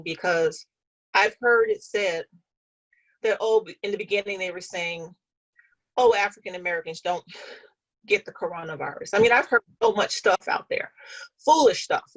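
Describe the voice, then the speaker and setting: Husky woman, earnest conversational storyteller. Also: lowish voice, fairly bright tone, highs cut off. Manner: earnest, speaks with conviction. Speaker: interview guest.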